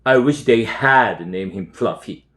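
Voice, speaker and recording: A man's voice: lively intonation, fairly bright tone. A man doing a muttering, sulky house cat. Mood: grumbling. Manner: muttering, low and slow.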